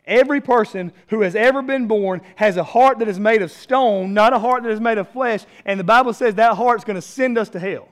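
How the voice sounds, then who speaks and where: A man's voice: high voice, brisk, hardly any pauses. A man in his thirties preaching a sermon as a pastor, conversational and self-deprecating, building to emphatic peaks.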